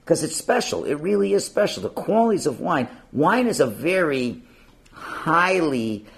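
Man teaching torah, lively up and down voice, casual and chatty, lots of questions. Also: fairly high pitch, unhurried, vocal fry. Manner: animated, conversational, rhetorical questions. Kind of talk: informal lesson.

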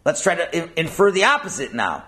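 A man with a somewhat raised voice teaches a Talmud passage, and his pitch rises and falls a great deal as he talks. He puts questions to himself and then answers them. He drops Hebrew and Aramaic terms into his explanations. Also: brisk, slight background noise. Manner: animated, asks and answers his own questions.

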